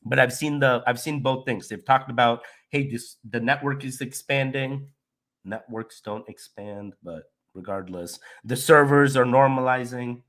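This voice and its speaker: A young man who is sick and a bit nasal, with a slight cough, hosting a casual crypto livestream and chatting loosely with viewers. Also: medium pitch. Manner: loopy, relaxed, rambling with restarts. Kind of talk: casual livestream chat reading comments.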